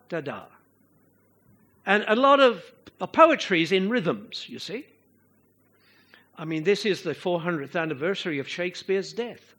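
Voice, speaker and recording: Preaching a sermon to a congregation, this man speaks in a high voice, slowly and expressively. At times he chants out the rhythms of verse.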